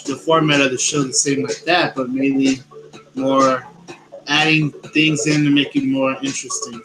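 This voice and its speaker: A man hosting a paranormal news show, talking loudly and close to the microphone, with many fillers and pauses. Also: mid-range voice, low-quality recording. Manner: loud, speaks close to the mic, hesitant with fillers. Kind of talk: casual solo show talk. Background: background music.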